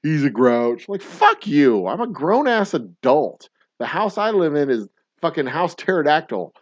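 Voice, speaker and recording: A man's voice: a little high, very animated, moderate pace, no echo, lo-fi sound. Profane, rambling man hosting trivia. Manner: rambling, profane, mock-grumpy rants. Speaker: trivia game host. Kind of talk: casual livestream chat.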